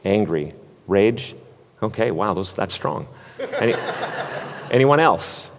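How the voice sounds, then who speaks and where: A man's voice: fairly low pitch, big pitch swings, slow, background noise. A man preaching a sermon as pastor, switching between playful game-show hosting and reflective teaching. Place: church sanctuary. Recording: long hall reverb.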